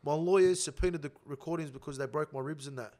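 A young Australian man telling a rough prison story in casual slang, swearing constantly. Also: a little high, quick pace. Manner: swears heavily, animated slang-filled storytelling.

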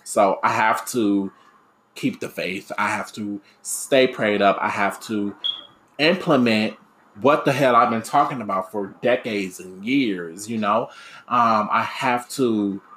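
A faint hiss or hum sits under this recording of a would-be radio DJ and podcaster. The young man's voice is on the low side yet a bit bright, and he wanders candidly through his personal thoughts, often restarting and leaning on fillers.

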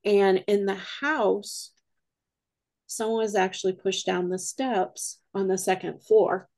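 Gravelly-voiced woman telling ghost stories. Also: mid-range voice, slow pace. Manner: rambling, animated retelling with quoted dialogue. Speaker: guest, paranormal investigator. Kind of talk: casual podcast storytelling.

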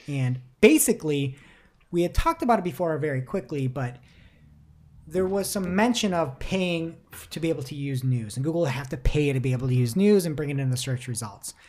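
Animated woman podcast co-host. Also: low-pitched, a little fast. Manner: animated, laughing, mock voices when quoting. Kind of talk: casual chat about search marketing news.

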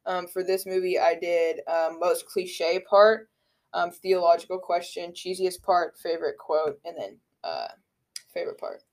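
A man's voice: high voice, unhurried. Hesitant man co-hosting a movie podcast. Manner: hesitant, many ums, reads from notes. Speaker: podcast co-host. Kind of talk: casual movie-review chat.

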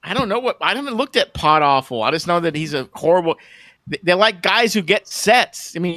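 A man with a high, bright, edgy voice rants to his stream chat, tripping over and repeating words as he mocks people. The sound is close and dry, with no room around it. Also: expressive, fairly quick, dry recording. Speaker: livestream co-host. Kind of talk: casual ranting stream chat.

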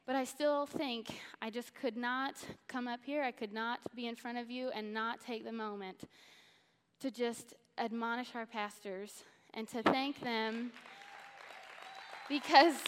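A woman's voice: fairly high pitch, fairly even intonation, measured pace, smooth, some chatter behind. A woman from Missouri giving an enthusiastic, earnest Bible teaching from a church stage. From Missouri, USA. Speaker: church speaker. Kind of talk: sermon-style Bible teaching. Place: church auditorium. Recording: long church-hall reverb.

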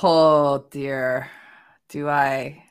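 A woman co-hosting a casual chat, thoughtful and pausing to find her words. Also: extremely low pitch, flat delivery, smooth.

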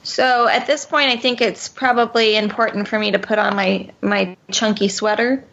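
A woman's voice: mid-range voice, steady tone, moderate pace, creaky, a bit bright. A woman playing a tabletop game, joking and playful. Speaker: player. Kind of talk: casual tabletop role-play. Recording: dull lo-fi recording.

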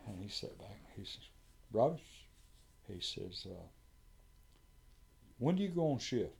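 A man's voice: on the low side, animated, brisk, pauses often, mellow. A man, a firefighter telling a story in casual conversation and acting out what others said.

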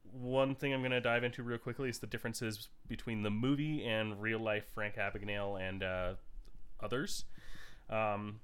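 A man's voice: fairly low pitch, a bit bright, clear, resonant tone. A man co-hosting a podcast, joking dryly in casual chat and reading out film facts. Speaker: podcast co-host.

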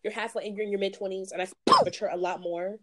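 A woman's voice: mid-range voice, steady tone, quick pace, bright, forceful tone. Blunt ranting young woman. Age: 20s. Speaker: podcast co-host. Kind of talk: casual podcast chat.

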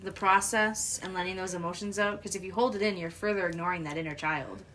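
Bright-voiced young woman, reassuring. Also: on the low side, steady tone, fast, slight background noise. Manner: reassuring, teasing, laughs often. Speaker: podcast co-host. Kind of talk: supportive casual chat.

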